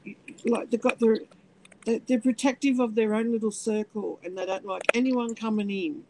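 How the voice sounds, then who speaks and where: A middle-aged woman telling her own story slowly, her voice gravelly with fry. She stops and restarts often and now and then acts out other people's words. A faint hiss runs under the recording. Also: medium pitch, darkish tone, low-quality recording. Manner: halting, many restarts, acts out voices in quotes. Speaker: interviewee. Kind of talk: personal storytelling.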